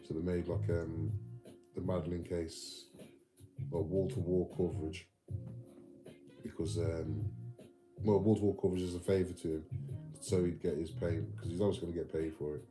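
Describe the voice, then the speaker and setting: A man's voice: sits low, fairly even intonation, fairly quick, rough recording. An English man ranting casually on a livestream, swearing a lot and ending his sentences with "man" and "mate". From England. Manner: sweary, rambling, tags lines with "man" and "mate". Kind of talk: rambling casual rant. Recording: music playing loudly behind the voice.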